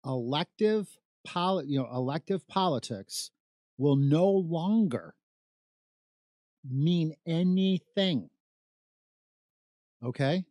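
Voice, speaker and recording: A middle-aged man from Chicago delivers a heated political monologue. He repeats himself and fires off rhetorical questions. His pitch swings widely, and the sound is dry and close. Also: expressive, takes it slowly, pauses often, dark tone, dry recording. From South Side of Chicago. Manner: emphatic, repetitive, rhetorical questions. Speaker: political commentator.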